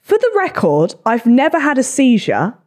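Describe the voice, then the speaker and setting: A young woman, hosting a podcast and telling stories in casual chat, swearing freely. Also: a little high. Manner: swearing, quick animated storytelling. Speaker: podcast host.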